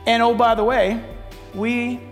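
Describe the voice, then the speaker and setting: A man preaching a sermon as pastor, impassioned, swinging from loud declaiming to hushed asides. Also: extremely high pitch, level tone, a little slow, faint music behind. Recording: long reverb of a large hall.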